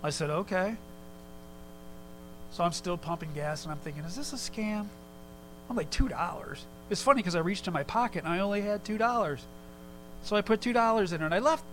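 A man preaching a sermon in a relaxed, conversational way, telling a personal story with quick asides. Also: high voice, a little hiss or hum, low-quality recording. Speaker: pastor.

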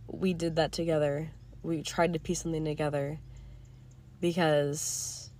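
A teenage girl hosting her own podcast, talking in a candid, rambling way with casual swearing and a voice going a little hoarse. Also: on the low side, a little mellow. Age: teens. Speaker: podcast host. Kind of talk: casual reflective monologue.

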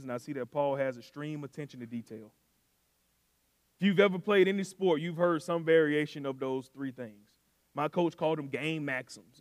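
A man preaching a sermon, telling a coaching story in a relaxed, slangy way that swells into loud shouting. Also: on the high side, no room sound, studio quality, big-room sound. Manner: coaching, conversational, with southern-style slang. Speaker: pastor.

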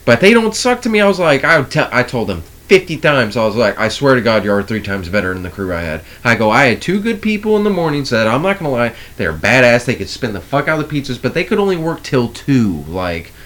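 A man's voice: medium pitch, sing-song, quick pace, hardly any pauses, a bit bright. A man co-hosting a podcast, chatting casually and animatedly, acting out coworkers' lines and swearing freely. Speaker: podcast co-host. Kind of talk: casual chat.

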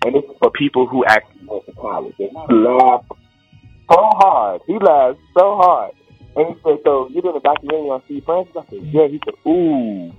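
A man from Maryland telling a personal story in a casual, animated way and acting out what people said. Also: mid-range voice, highs cut off. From Maryland, USA. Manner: animated, quotes people as he tells it.

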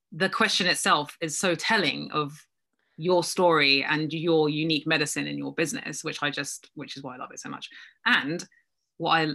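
Bright-voiced woman, reflective and laughing. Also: low voice, creaky. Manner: reflective, self-deprecating, laughs often. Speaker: guest, business coach. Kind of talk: casual conversational interview.

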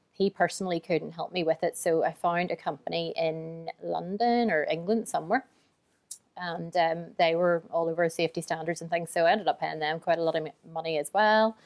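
A woman's voice: fairly low pitch, normal speed. A woman founder telling her story in a casual interview, chatty and open, often quoting her own thoughts. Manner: chatty and open, tells stories through quoted inner thoughts; self-described emotional. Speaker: business founder and guest.

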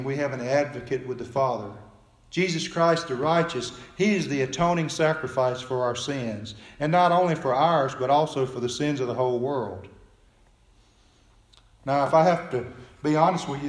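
A man preaching a sermon in earnest tones, often dropping soft and low at the ends of phrases. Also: reverberant. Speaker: pastor.

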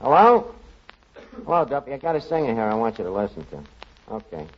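An actor playing a brash, scheming male bartender in a 1940s radio comedy, talking fast and wisecracking. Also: medium pitch, sing-song, husky. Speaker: show's lead character. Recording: dull old radio broadcast before an audience.

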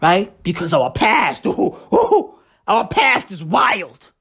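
A woman ranting loudly in a vlog. She swears constantly, and her voice is hoarse and cracking from shouting. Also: mid-range voice, sing-song, slow pace. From South Africa. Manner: loud, shouty, swearing heavily. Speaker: vlogger. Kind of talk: profane vlog rant.

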